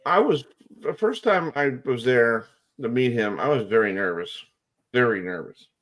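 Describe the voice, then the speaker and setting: With a mid-range voice at normal speed, a man hosts sports radio, spinning rambling, excitable stories in casual chat full of fillers.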